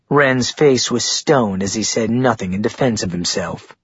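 A man narrating an audiobook in a steady storytelling manner. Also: on the low side, measured pace, breathy edge. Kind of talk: scripted narration. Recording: dull dry muffled recording.

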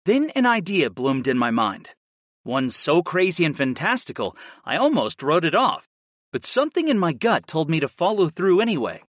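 A man's voice: a little high, normal speed, dry recording, studio quality. Earnest man narrating a fantasy audiobook. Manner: steady, earnest storytelling. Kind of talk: first-person fantasy narration.

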